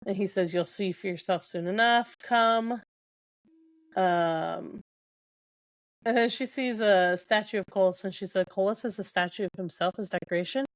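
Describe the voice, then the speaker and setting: A woman's voice: mid-range voice, moderate pace, no echo. A young adult woman co-hosting a podcast, retelling book scenes casually with quoted dialogue and lots of fillers. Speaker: podcast co-host.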